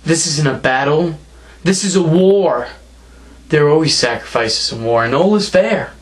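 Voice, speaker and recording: A man's voice: fairly high pitch, lively intonation, moderate pace. A young man delivering a wrestling promo, taunting and mocking his opponent as he trash-talks.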